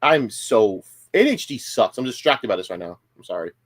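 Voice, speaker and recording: Broadcasting live from his home rig, a man reacts with angry, profane outrage in a sing-song voice at normal speed. He shifts between low grumbles and sudden high outbursts, stammering and restarting as his temper rises.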